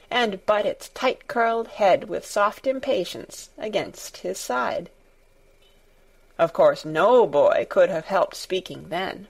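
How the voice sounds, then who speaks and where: A woman reads a classic storybook aloud at an unhurried pace, taking her time over each phrase. Her voice sits at a middling pitch, and her delivery is measured and gentle. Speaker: narrator. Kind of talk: storybook narration.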